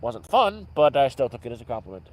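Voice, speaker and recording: A man's voice: medium pitch, big pitch swings, fast, darkish tone, rough recording. A man vlogging from an outdoor camp at night, telling rambling stories and often correcting himself mid-sentence. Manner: rambling, self-correcting storyteller. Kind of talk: casual storytelling livestream.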